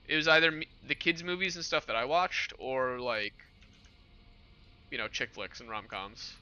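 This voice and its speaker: A young man hosting a livestream, chatting casually with his chat in a relaxed, rambling way. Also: mid-range voice, normal speed, smooth. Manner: relaxed rambling with fillers and laughs. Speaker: livestream host. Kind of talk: casual stream chat with chat readers.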